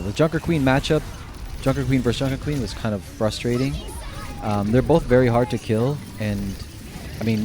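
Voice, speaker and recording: A man giving casual commentary on his own game, rambling with lots of fillers and swearing freely. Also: fairly low pitch. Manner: rambling, many fillers, slides into profane ranting. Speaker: gaming YouTuber. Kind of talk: casual gameplay commentary to camera.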